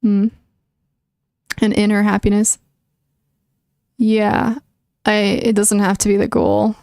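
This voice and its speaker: A young woman chats on a livestream, mid-pitched and plainly earnest as she works through her opinions out loud. She hedges with likes and restarts her sentences. The sound is close and dry, with no room around it. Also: completely flat delivery, takes it slowly, vocal fry, no echo. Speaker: streamer. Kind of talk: casual livestream chat answering viewers.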